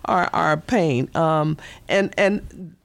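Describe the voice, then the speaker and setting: Gravelly-voiced woman, earnest guest. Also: low-pitched, very slow, dry recording. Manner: earnest, emphatic. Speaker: union vice president guest. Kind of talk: casual interview talk.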